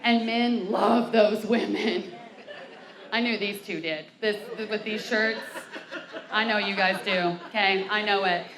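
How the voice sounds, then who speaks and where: A woman's voice: mid-range voice, fairly even intonation, takes it slowly, background noise. A young woman performing a bawdy stand-up set on a brewery stage, telling stories with acted quotes. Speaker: stand-up comic. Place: brewery comedy stage before a live crowd.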